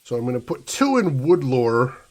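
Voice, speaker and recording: A man's voice: mid-range voice, big pitch swings, moderate pace. A young American man streaming a game, chatting casually and mock-ranting playfully at his chat. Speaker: gaming streamer. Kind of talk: casual gameplay commentary.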